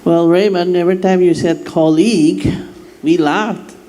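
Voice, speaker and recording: 反響する会場で笑い話をする男性. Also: male voice, high voice, a little slow. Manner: animated storyteller, laughing, acting out quotes. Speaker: workshop participant. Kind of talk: telling a funny personal story. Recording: echoey hall with faint noise.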